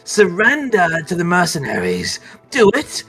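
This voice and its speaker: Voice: medium pitch, wildly swooping pitch, measured pace, faint music behind, pitched above the performer's own voice. A game master voicing a sinister, gloating male villain lord who mocks and threatens. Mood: menacing. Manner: menacing, mocking, erupts into shouts.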